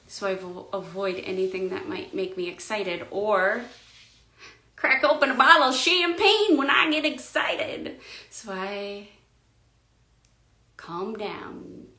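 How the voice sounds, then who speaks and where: A woman giving a spiritual coaching monologue, slow and emphatic, often sinking to a hushed whisper. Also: mid-range voice, lively intonation, echoey room.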